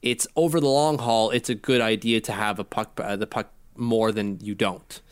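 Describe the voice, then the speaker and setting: A man co-hosting a casual sports podcast, chatty and quick to laugh. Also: fairly low pitch, fairly even intonation, smooth, no echo. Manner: chatty, laughs easily, quizzing his co-host. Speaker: podcast co-host.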